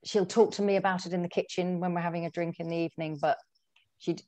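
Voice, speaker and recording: A middle-aged woman, an author, telling personal stories in a chatty, animated way with lots of fillers and restarts. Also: on the low side, quick pace. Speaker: guest author. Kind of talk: conversational storytelling.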